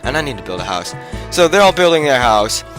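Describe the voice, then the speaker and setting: Over music, a man of medium pitch delivers fairly quick game commentary with big swings in pitch. His retelling wanders and leans heavily on "like" as a filler, and he keeps interrupting it to talk about how he's playing.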